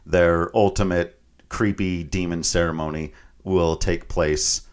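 Low-voiced man recapping a game, laughing. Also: measured pace, clear, resonant tone. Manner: laughing often, animated retelling with mock voices. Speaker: podcast co-host. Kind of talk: casual chat recapping a video game story.

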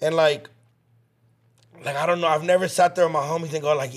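A man co-hosts a casual chat podcast. He rambles through stories in slang, cursing freely. His voice sits a little higher than most men's. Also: steady tone, brisk, pauses often. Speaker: podcast co-host.

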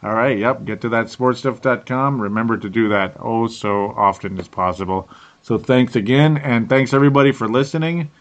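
A man's voice: medium pitch, steady tone, normal speed, highs cut off. A tired man hosting a casual sports podcast, laughing often and restarting his sentences. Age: young adult to middle-aged. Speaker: podcast host.

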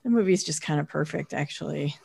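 A woman's voice: sits low, a little fast, creaky, breathy edge. A woman co-hosting a podcast, chatting casually and recapping a TV episode. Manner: relaxed, chatty, with filler words. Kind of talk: casual chat.

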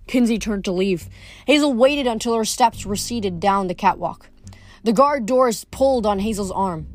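A woman reading a novel aloud, expressive, with small slips now and then. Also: mid-range voice, normal speed, soft background music. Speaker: audiobook reader.

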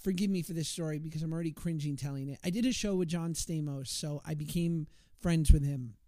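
This man in his thirties is a podcast guest telling casual stories, his fairly high voice brisk and warm with no echo. He's chatty and self-deprecating, restarting his sentences often.

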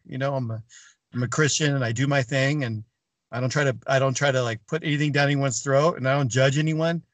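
Brief: forceful middle-aged male guest. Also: a little high, no room sound. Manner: animated, acts out quoted dialogue, swears freely. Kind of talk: casual storytelling.

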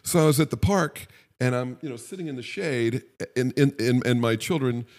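A middle-aged man co-hosting a podcast speaks at medium pitch and normal speed, his tone a little mellow. The conversation is relaxed and rambling, laced with wry remarks and frequent self-interruptions.

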